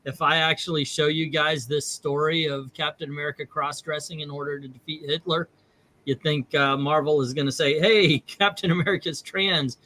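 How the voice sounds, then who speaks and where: A man's voice: a little high, level tone, a little fast, sharp tone. A man hosting a casual comic book chat, laughing often and reading panels aloud. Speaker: comic book channel host.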